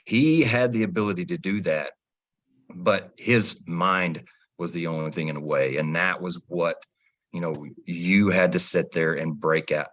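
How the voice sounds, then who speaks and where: Male host in his forties, deep voice, earnest and conversational. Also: fairly bright tone. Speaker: podcast host, firefighter. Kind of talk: casual interview talk.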